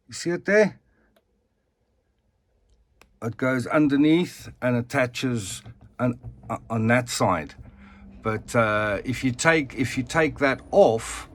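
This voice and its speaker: In a rambling, chatty show-and-tell vlog, a man walks through his collectible figures. His medium-pitched voice is a bit bright, and he keeps tacking "eh?" onto the ends of his lines.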